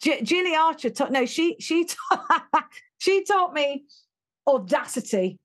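A woman's voice: high-pitched, big pitch swings, takes it slowly. A middle-aged English woman, a guest in an interview, telling her life story frankly and animatedly, acting out the people she quotes.

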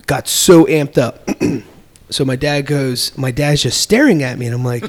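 Brief: middle-aged man, slightly high voice, casual conversational storyteller who acts out the voices in his stories. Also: moderate pace. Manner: animated, acts out quoted voices with laughs.

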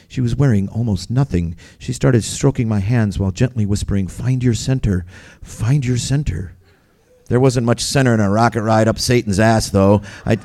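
A man's voice: fairly low pitch, mellow. A man reading his own first-person memoir aloud as a storyteller, vivid, wry and gritty.

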